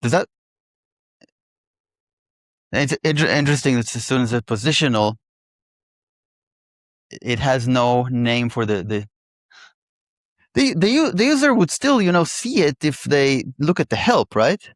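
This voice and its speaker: A man in casual technical chat, pairing on code and thinking aloud with halting restarts. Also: mid-range voice, very animated, no room sound, clean studio sound.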